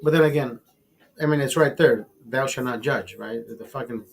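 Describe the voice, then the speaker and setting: A man's voice: medium pitch, moderate pace, vocal fry, a little hiss or hum. A man hosting a casual livestream, swearing freely as he tells a story with emphasis and talks to his chat. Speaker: livestream host.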